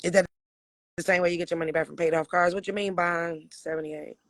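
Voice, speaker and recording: A man from Michigan with a raspy voice hosts a casual livestream, answering viewers' questions bluntly with frequent swearing and laughter. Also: on the high side, steady tone, brisk, a bit bright, no room sound. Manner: blunt, profane, laughs often. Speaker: livestream host.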